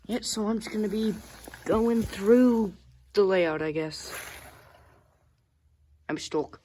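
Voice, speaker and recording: A woman's voice: medium pitch, slow pace, dark tone, slight background noise, natural voice. A woman voicing a goofy, talkative male toy train engine that squeals, yelps and mocks itself. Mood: playful. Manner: playful, self-mocking, squeals and yelps. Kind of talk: playful toy role-play.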